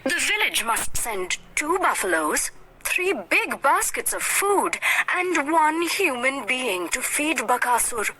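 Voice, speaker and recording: A woman's voice: high-pitched, sing-song, takes it slowly, a crowd in the background, pitched above the performer's own voice, full character voice, low-quality recording. A woman doing an anxious, pleading village mother.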